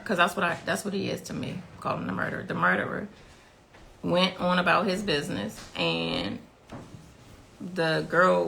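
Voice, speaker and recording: A woman's voice: fairly low pitch, vocal fry, bright, forceful tone, slight background noise. A middle-aged woman, the mother of a victim, giving an intense, emotional personal account and repeating her key phrases.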